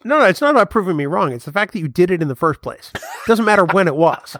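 A man's voice: high-pitched, sing-song, fast talker, fairly bright tone, no room sound, clean studio sound. A man co-hosting a podcast, teasing his partner in casual, playful banter. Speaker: podcast co-host. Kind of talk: casual chat.

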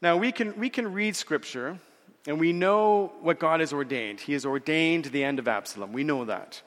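A man preaching earnestly, with a slightly high pitch, repeating words as he goes and slowing down for scripture quotes. His voice carries a long reverb, as from a church hall. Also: fairly bright tone. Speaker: pastor. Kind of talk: sermon.

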